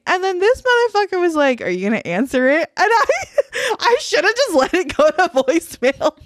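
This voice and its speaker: A woman's voice: very high voice, sing-song, normal speed, hardly any pauses, no echo, clean studio sound. A young woman co-hosting a podcast, telling a story casually and bluntly, swearing a lot and often laughing. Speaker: podcast co-host. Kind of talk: casual chat.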